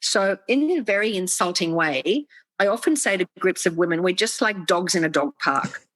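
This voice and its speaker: A woman's voice: lowish voice, expressive, moderate pace, fairly bright tone, no room sound, low-quality recording. A woman, an executive coach, explaining with animation on a video call and acting out quoted inner voices. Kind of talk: interview talk, explaining.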